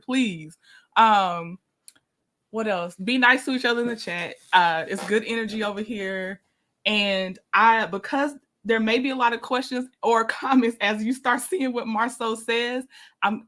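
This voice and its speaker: A woman hosts a casual livestream, talking in a chatty, easygoing way and greeting viewers one by one. Her voice sits a little high, and she laughs often between remarks. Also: fairly bright tone. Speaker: livestream host. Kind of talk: casual live-stream chat.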